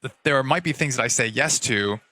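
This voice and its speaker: A man's voice: medium pitch, fairly quick, bright, forceful tone. A man hosting a podcast interview, asking earnest, candid questions. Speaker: podcast host. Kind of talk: conversational interview.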